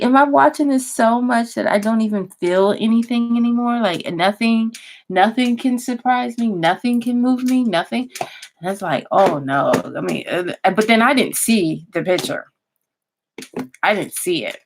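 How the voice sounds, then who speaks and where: A woman vlogger chatting casually at her computer, rambling and restarting her sentences as she thinks aloud. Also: medium pitch. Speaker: YouTuber. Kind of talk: casual vlog chat.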